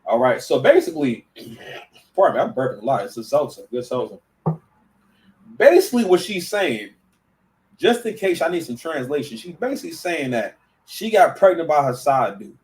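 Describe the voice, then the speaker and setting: A man's voice: on the high side, moderate pace, pauses often, far from the mic, rough recording. A man giving casual reaction commentary, stammering and restarting, full of slang. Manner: stammering, slang-heavy, animated.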